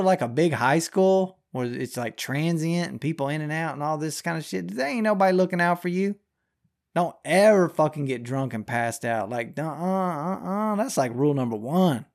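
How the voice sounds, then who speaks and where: A man's voice: a little high, darkish tone. Man podcaster, young, ranting news takes, constant swearing, slangy. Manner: ranting, heavy swearing, Southern-style slang. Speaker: podcast host. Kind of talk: profane news commentary.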